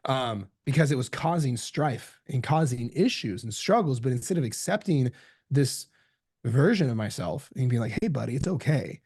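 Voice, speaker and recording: A man as a podcast guest, telling a candid story in an animated way and swearing freely. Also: medium pitch, moderate pace, breathy edge, dry recording, clean studio sound. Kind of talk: candid casual conversation.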